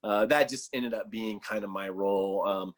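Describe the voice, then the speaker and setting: A man with a fairly low voice chats as a podcast guest. He rambles through his stories with plenty of ums and restarts. A dry, sarcastic humor runs under it all. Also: fairly even intonation, moderate pace. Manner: loose storytelling full of fillers. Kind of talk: casual podcast chat.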